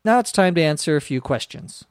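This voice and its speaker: A man teaching English, answering listener questions slowly and carefully, with frequent pauses and spelling out words. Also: fairly high pitch, expressive. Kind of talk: slow explanatory podcast lesson.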